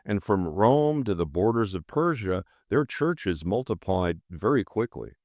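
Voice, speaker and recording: A man's voice: lowish voice, very animated, measured pace, a little mellow, dry recording, studio quality. A man hosting a podcast, delivering scripted narration in an emphatic, rhetorical way. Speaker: podcast host.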